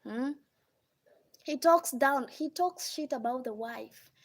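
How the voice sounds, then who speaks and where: A woman's voice: high-pitched, slow pace. A woman with a Kenyan accent giving relationship advice on a live stream, scolding and asking rhetorical questions. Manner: scolding, rhetorical, mimics others' voices. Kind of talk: casual live-stream monologue.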